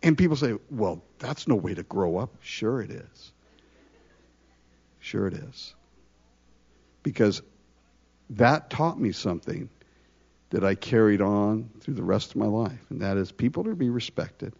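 A man preaching a conversational sermon, full of rhetorical questions and lively asides. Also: on the low side, a little slow, gravelly, pauses often, dull audio. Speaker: pastor.

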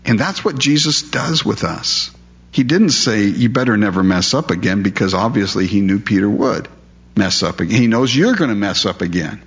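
Male pastor, lowish voice, conversational sermon, rhetorical questions, muffled lo-fi sound. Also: lively intonation, moderate pace, a bit bright. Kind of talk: expository sermon. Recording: dull lo-fi recording.

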